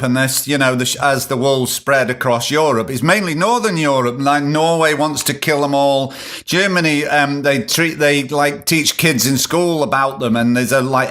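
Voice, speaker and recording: A man's voice: mid-range voice, a bit bright. Sarcastic sweary man ranting. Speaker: podcast host. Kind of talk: ranting solo podcast monologue.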